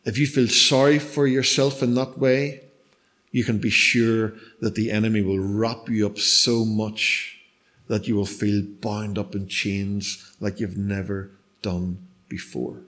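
Guy preaching a sermon, tells stories, goes loud then drops to almost a whisper. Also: lowish voice, flat delivery, unhurried. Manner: storytelling, shifts between loud emphasis and hushed near-whispers.

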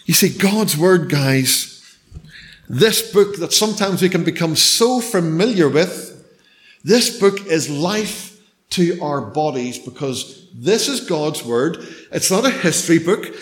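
Middle-aged male preacher, storytelling sermon, swings from emphatic to hushed. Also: fairly high pitch, expressive, slow pace. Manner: storytelling, shifts between loud emphasis and hushed near-whispers.

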